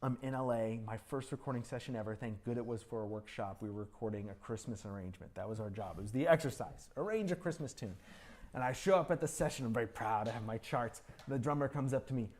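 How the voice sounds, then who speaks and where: A man's voice: medium pitch, quick pace, a little mellow. A man teaching a composition master class, coaching a student at a rehearsal, often singing rhythms aloud to show how a passage should sound. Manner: encouraging, sings rhythms aloud to show phrasing. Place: music school rehearsal room with an ensemble.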